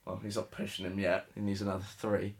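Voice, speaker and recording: Young man, from England, casual podcast co-host, low voice, easygoing, self-deprecating. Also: completely flat delivery, fast talker. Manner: laid-back, laughs often, self-mocking. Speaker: podcast co-host, sports correspondent. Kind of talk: casual chat.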